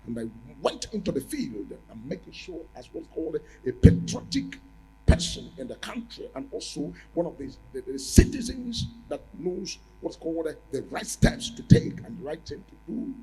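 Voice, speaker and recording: Gravelly man preaching prophecy. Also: fairly high pitch, sing-song, normal speed, low-quality recording. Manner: emphatic, repetitive preaching with sudden loud rises. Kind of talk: prophetic sermon.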